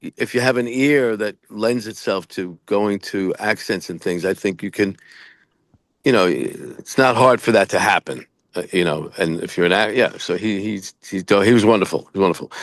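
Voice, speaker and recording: A middle-aged man with a low voice recorded close and dry tells showbiz stories in a loose, rambling way. He speaks frankly and keeps restarting his sentences. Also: normal speed, no room sound. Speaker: actor and podcast co-host. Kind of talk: casual chat.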